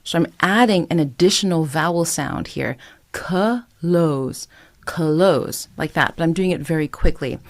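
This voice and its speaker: A middle-aged woman with a slightly low speaking voice coaches singing. She breaks the song down patiently and stays encouraging throughout, the way a vocal teacher talks to a student. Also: animated, unhurried, faint music behind. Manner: encouraging, explains step by step, sings short phrases as demonstrations. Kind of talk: singing tutorial, talking to camera.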